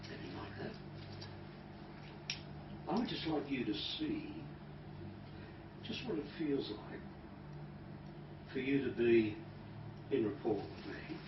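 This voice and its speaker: A calm man running a hypnosis training demonstration, talking softly and sometimes dropping to a hush. He sounds distant from the microphone in an echoey room. The recording is dull and noisy. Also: mid-range voice. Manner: calm, soft-spoken, drops to a hush when guiding breathing.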